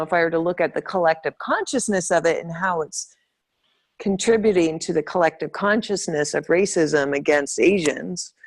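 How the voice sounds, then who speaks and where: Woman in a casual chat, kinda low voice, slow thoughtful searching way of talking. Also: creaky. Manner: reflective, hesitant, searching for words. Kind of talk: casual conversation.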